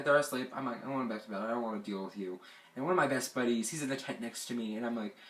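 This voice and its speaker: A man's voice: medium pitch, fairly bright tone. A young man telling a rambling personal story in a casual storytime, with bursts of anger. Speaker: vlogger. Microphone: camera mic. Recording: echoey room.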